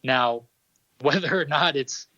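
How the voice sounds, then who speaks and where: Bright-voiced man with measured analysis, muffled mic. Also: mid-range voice, no room sound. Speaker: podcast co-host. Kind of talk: casual sports chat. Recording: dull, dry home recording.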